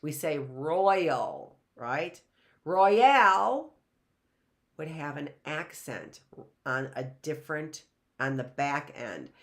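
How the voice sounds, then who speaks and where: Middle-aged woman teacher, patient, sounds out every letter, lowish voice. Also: a bit bright. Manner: slow, explaining, sounds out words. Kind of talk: online phonics lesson.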